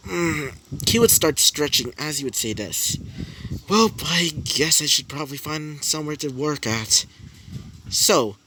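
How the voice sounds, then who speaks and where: Young man, fan storyteller, bright voice, lively and wandering delivery. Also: medium pitch, a little hiss or hum. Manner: rambling, filler-heavy retelling. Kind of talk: casual fan-fiction storytelling.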